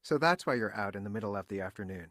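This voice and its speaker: A man's voice: lowish voice, lively intonation, fast, pushed and bright, no echo, clean studio sound. A man with an American accent voicing a man with a cold in a scripted textbook dialogue. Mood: polite. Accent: American English. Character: man with a cold, polite and chatty.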